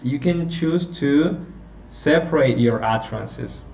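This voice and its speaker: A man teaching a phonetics lesson, explaining slowly and checking in with his listeners. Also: mid-range voice, creaky, a little mellow. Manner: slow, explanatory, checking in with "okay?". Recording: roomy, distant, dull lo-fi sound with faint hiss.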